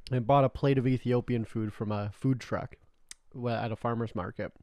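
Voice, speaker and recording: A young man from Canada chats casually as a podcast co-host, wandering through his stories with constant "like" fillers, jokes and swearing. His voice sits at a middling pitch for a man. The recording is dry and close, with no room sound. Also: steady tone, moderate pace, a little mellow, dry recording. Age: young adult. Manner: rambling storyteller, heavy filler "like", joking and swearing. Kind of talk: casual chat.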